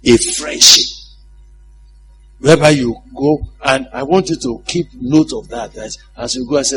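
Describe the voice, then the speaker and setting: Man, preacher, sermon, gravelly, chatty, quizzes the congregation. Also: medium pitch, moderate pace, a bit bright, soft background music. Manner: conversational, asks the congregation questions; laughs at his own stories.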